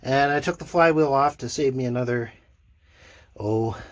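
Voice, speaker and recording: A man's voice: mid-range voice, moderate pace, slight background noise. An older man narrating his own work on a boat engine, dry and self-deprecating, with lots of fillers. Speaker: boat owner doing a motor refit. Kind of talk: casual narration while working. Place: inside a sailboat cabin.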